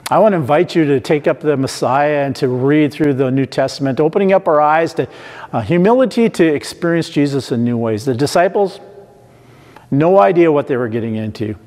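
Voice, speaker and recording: A man's voice: on the high side, expressive, darkish tone. Man preaching in an echoing church. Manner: slow, emphatic preaching with repeated questions. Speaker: pastor. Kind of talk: online sermon. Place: church sanctuary. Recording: long hall reverb.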